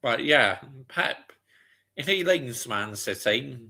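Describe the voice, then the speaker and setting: A man's voice: mid-range voice, lively intonation, takes it slowly, gravelly, sharp tone. A man hosting a live football watch-along, chatting casually and answering viewer comments.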